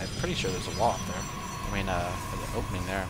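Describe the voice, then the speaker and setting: A man's voice: low voice, quick pace, noisy background. A young man casually commenting on a video game match, joking and rambling into self-deprecating asides.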